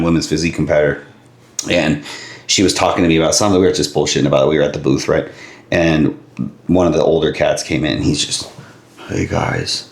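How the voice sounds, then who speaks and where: A man who co-hosts and competes in bodybuilding, talking casually and relaxed, often agreeing. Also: a bass voice, echoey room. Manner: relaxed, frequent agreeing backchannels. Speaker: co-host, bodybuilder. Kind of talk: casual podcast chat.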